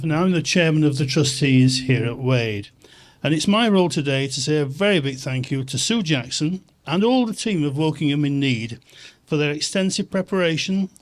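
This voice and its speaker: A man with a fairly high voice delivers a formal speech into a microphone. He speaks in a steady, measured way, as a chairman addressing his guests. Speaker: chairman of trustees.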